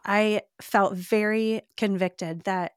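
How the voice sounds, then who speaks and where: A woman's voice: mid-range voice, steady tone, takes it slowly, clean tone, no echo, studio quality. A woman as a podcast guest, telling a personal faith testimony in an earnest, heartfelt way, often saying "like". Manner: earnest, heartfelt storytelling with frequent "like".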